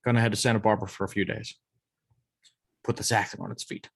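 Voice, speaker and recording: A man reading the part of a washed-up male movie star in an amateur script table read, drifting between low mumbles and sudden shouts. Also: little pitch movement, fast, vocal fry.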